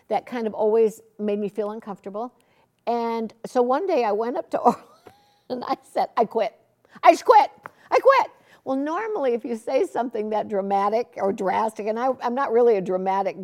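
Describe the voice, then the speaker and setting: A middle-aged woman hosts a podcast interview with a voice of middling pitch. She tells personal stories in an earnest, conversational way. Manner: earnest storytelling, warm laughs between thoughts. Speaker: podcast host.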